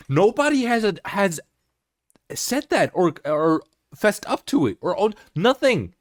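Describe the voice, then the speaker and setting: A man's voice: sits high, big pitch swings, a little slow. A man whose first language is German, giving casual reaction commentary as a music reaction host, exasperated and mocking.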